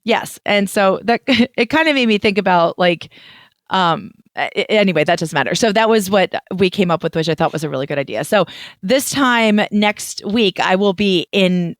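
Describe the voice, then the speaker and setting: A woman's voice: fairly low pitch, expressive, a little fast, no echo. A young adult woman co-hosting a podcast, talking in a chatty, rambling way with nervous restarts. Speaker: podcast co-host. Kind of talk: casual chat.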